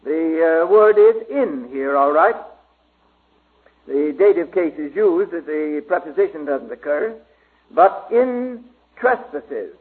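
A man giving a slow, halting Bible study sermon with many pauses and fillers. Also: a little high, animated. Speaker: preacher. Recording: tinny phone-like old recording.

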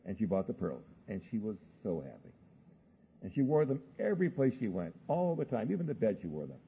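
Male preacher, very husky voice, lively rising and falling pitch, folksy storytelling sermon. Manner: folksy storytelling, slow searching questions. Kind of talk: sermon with illustrative stories. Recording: muffled phone-like sound.

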